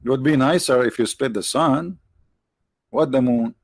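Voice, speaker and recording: A man with non-native English phrasing hosting a livestream, mocking his subject with rhetorical questions, his voice tired and his throat often cleared. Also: mid-range voice, moderate pace, no room sound. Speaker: livestream host. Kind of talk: mocking debate commentary.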